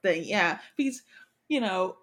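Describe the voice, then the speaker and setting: A woman in a casual podcast chat about a book, speaking at a middle pitch. She is laid-back and drops wry, teasing asides, with plenty of "mm-hmm"s while her partner talks. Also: animated, measured pace, over a noisy crowd. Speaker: podcast co-host.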